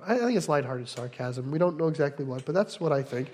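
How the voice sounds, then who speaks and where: High-voiced male pastor in a reverberant hall. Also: animated, quick pace, darkish tone. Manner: conversational teaching with frequent asides. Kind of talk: sermon. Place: church hall in Delaware.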